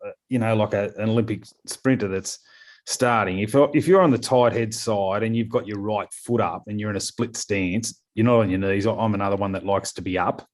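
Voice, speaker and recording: A man's voice: fairly low pitch, steady tone, brisk. A middle-aged Australian man, a scrum coach talking in a casual podcast interview, rambling with lots of fillers and repeated words.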